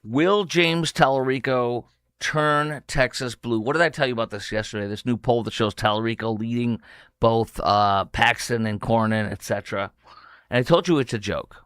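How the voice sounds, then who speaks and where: A man's voice: lowish voice, fairly quick, a bit bright, smooth, no echo, clean studio sound. Combative male talk radio host. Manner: combative, emphatic, speeds up in bursts. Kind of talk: opinionated talk radio monologue with ad reads.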